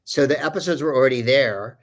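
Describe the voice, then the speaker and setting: Man, voice actor, casual anecdote, rambling, digressive, lots of ums and uhs, middle pitch. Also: a little fast. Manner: rambling, digressive, many fillers. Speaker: voice actor guest.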